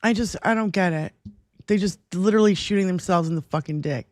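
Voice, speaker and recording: A woman's voice: on the low side, a little fast, darkish tone, dry recording, clean studio sound. A woman co-hosting a casual political livestream, swearing heavily as she rants and often breaking into laughter. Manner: profane, ranting, laughs often. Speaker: livestream co-host.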